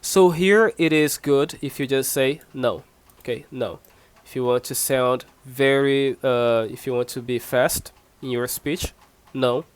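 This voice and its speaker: A man's voice: mid-range voice, unhurried, clean tone. Brazilian man teaching a language class. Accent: Brazilian Portuguese. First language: Portuguese. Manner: repeats and restarts, explains patiently with examples. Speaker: Portuguese teacher.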